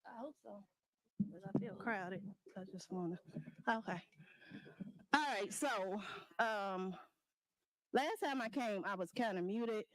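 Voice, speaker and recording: A woman's voice: medium pitch, slow pace, long pauses. A woman from the Chicago area giving an impassioned, accusing public comment at a town meeting, speaking into a podium microphone in a crowded hall. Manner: impassioned, accusing, addresses the mayor directly.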